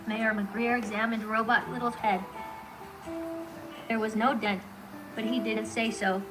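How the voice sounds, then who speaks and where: A robot companion's synthetic woman's voice reads children's stories in a clear, even and friendly way. It sits a little higher than usual. Guitar music plays steadily underneath. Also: unhurried, poor audio. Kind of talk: children's story narration.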